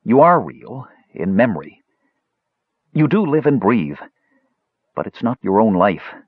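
A man gives voice to a calm, earnest hero in a fantasy storybook reading. His low, husky tone stays measured and pleading. The audio is dull and dry. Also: no room sound, exaggerated voice. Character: earnest young half-elf man, calm and urgent.

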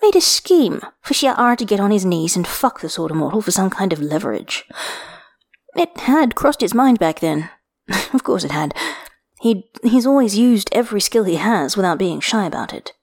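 A woman reading a story aloud in an intimate, unhurried manner. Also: medium pitch, big pitch swings. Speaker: reader.

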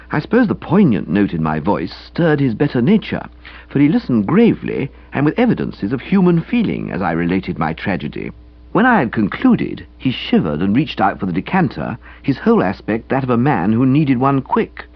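Husky man narrating a comic novel. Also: mid-range voice, huge pitch swings, normal speed, highs cut off. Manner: wry, dryly comic storytelling. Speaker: audiobook narrator.

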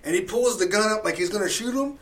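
Animated, foul-mouthed man with a bright voice. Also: sits high, fast. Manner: animated, profane, acts out quotes loudly. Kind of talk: casual chat, retelling a movie.

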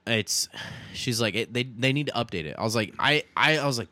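Bright-voiced man swearing through a story. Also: medium pitch, fairly quick, no room sound. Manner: animated, swears often, says "dude". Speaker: podcast co-host. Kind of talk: casual storytelling chat.

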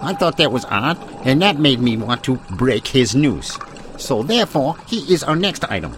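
A man's voice: mid-range voice, big pitch swings, moderate pace, noisy background. A man hosting a mock news broadcast in a hammy, rambling, folksy announcer manner. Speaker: comedy news host.

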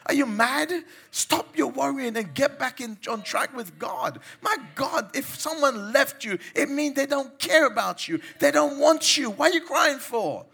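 A man's voice: very high-pitched, expressive, a little slow, creaky, hardly any pauses, bright, forceful tone. A man preaching a sermon, exhorting his listeners with emphatic commands and mimicking the people he mocks.

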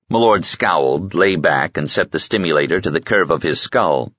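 A man reads a novel aloud in steady, even narration with a very deep voice. The recording is dry and close, with a slightly dull, lo-fi tone. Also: normal speed, hardly any pauses, slightly rough, dry recording. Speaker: audiobook narrator. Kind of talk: scripted narration.

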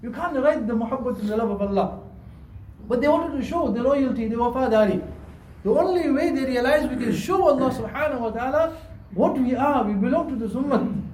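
A man's voice: very high voice, lively intonation, a little fast, a little mellow, slight background noise. A man giving a Friday sermon as imam in a mosque, earnest and repetitive, weaving in Arabic and Urdu phrases. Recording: echoey hall, distant mic.

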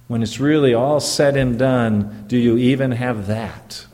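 A man's voice: medium pitch, a little slow, few pauses, darkish tone, in a large hall. A man who is a pastor preaching a sermon in an earnest, emphatic way, often stopping to check in with the congregation through rhetorical questions.

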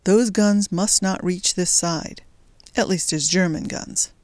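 Earnest young resistance man, urgent and devoted, voiced by a woman in a low, dry storybook read. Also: slow, darkish tone, no echo.

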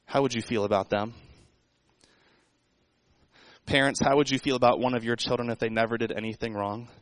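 A man's voice: medium pitch, steady tone, quick pace, no room sound, poor audio. A man preaching a sermon in a conversational way, asking the congregation rhetorical questions. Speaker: pastor.

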